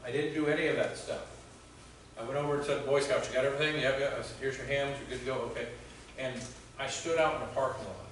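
A male pastor giving a conversational sermon, telling stories with halting restarts. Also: medium pitch, fairly even intonation, a bit bright, slight background noise. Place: church sanctuary. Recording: very echoey church hall from far off.

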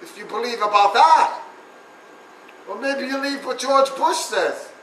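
A very high, bright-toned man speaks as a god in a stand-up rant. He chants looping rhymes, repeats lines and jeers with profanity. He sounds far from the mic in an echoey room with faint noise. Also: animated, measured pace. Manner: preachy, profane and jeering. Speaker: stand-up performer. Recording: roomy echo, distant mic, faint noise.

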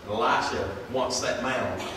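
A pastor preaches an earnest, folksy sermon in plain everyday grammar, reading scripture aloud in old-fashioned wording. His mid-range voice moves at a moderate pace and sounds far off in an echoey church sanctuary, with background noise.

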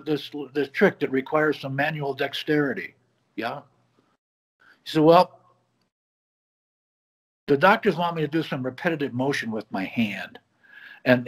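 A man guest on a video call from his home office, telling a story and acting out the quoted dialogue in it. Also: fairly high pitch. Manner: animated, acts out quoted dialogue. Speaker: guest, bar magician. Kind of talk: conversational storytelling.

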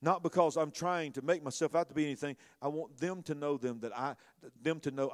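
A man preaching a sermon as a bishop. His delivery swings from hushed to loud, and he repeats phrases for emphasis. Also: on the high side, fairly even intonation, fairly quick, hardly any pauses.

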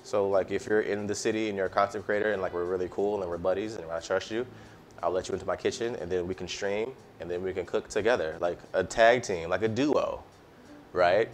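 With faint music playing behind him, an American man cooks on a live stream and chats loosely with viewers in slang. His voice is low, brisk, and fairly even in intonation, and there's a little hiss or hum.

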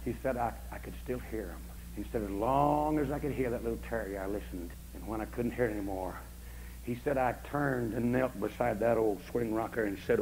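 A man preaching a camp meeting sermon, telling folksy stories and swinging from soft asides to shouting, on an old recording with a faint hum. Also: a little high, animated, a little fast, rough recording. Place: camp meeting, outdoors or in a tabernacle.

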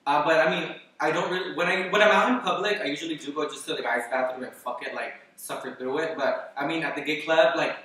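A man vlogger telling a story casually in a rambling, animated way, with constant "like" fillers and swearing. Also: a little high, fast talker, hardly any pauses. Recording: very echoey room, voice far from the mic.

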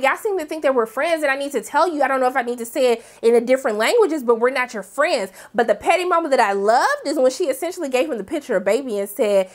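Sassy high-voiced woman recapping a show. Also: fast talker, few pauses. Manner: sassy, animated, slangy, dramatic asides. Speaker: TV recap host. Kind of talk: casual episode recap commentary.

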